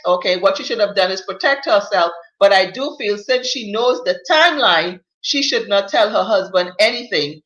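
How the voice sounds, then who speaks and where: Female talk host, blunt and emphatic, bright tone, echoey room. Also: fairly high pitch. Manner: outspoken, emphatic, blunt, with slang. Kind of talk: live-stream advice talk, reading viewer comments.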